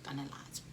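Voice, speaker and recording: A young South African woman telling a storytime vlog, animated and laughing, slipping between English and local slang. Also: slight background noise. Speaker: YouTuber.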